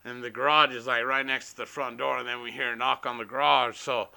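Young man, very bright voice, clear tone, profane rambling storyteller. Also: medium pitch, little pitch movement, a little fast. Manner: swears constantly, rambling, laughs at his own story.

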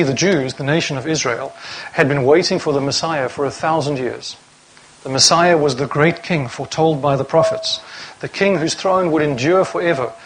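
A man's voice: fairly high pitch, slightly rough, low-quality recording. A man preaching a sermon to a congregation, reading scripture aloud and asking rhetorical questions.

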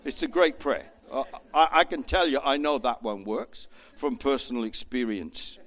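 A man preaching a sermon with an animated manner, acting out voices as he tells the story. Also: medium pitch, normal speed, faint music behind. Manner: animated, acts out voices in quotes.

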